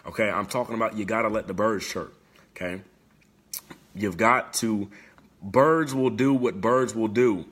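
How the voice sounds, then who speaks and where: A man's voice: fairly low pitch, a bit bright. A man giving a motivational talk on a live stream, repetitive and preachy, talking straight to viewers and tagging lines with "okay?". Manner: preachy, addresses viewers directly. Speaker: motivational speaker.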